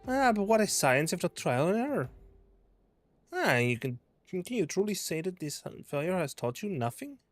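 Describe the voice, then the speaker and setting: A pompous, long-winded male scholar, played by a man doing a put-on French accent, boasts in a slightly high, lively voice that swoops up and down. The speech is fussy and over-formal. Soft game music plays faintly in the background. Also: no room sound.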